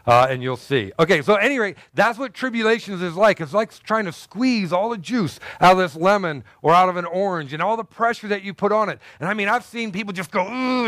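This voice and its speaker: A man preaching a sermon as pastor, animated and joking with the congregation. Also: high voice, dry recording. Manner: animated, jokey, talks to congregation.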